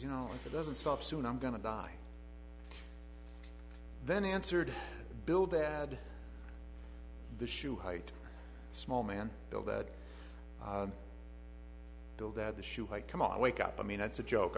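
Middle-aged male preacher, gravelly voice, faint background noise, wry conversational Bible teacher. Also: mid-range voice, in a large hall, rough recording. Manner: wry, sarcastic asides to the audience.

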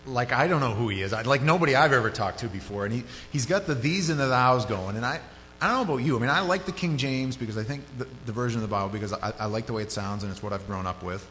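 A man preaching a sermon in a loose, conversational way. His voice jumps up sharply when he gets animated. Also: mid-range voice, fast talker. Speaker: pastor. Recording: hall reverb with faint hum.

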